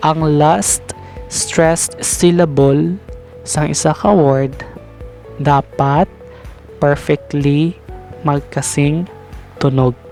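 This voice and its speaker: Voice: medium pitch, a little mellow. A teacher with a Hiligaynon Filipino accent giving a recorded lecture, explaining step by step and often checking in with "okay?".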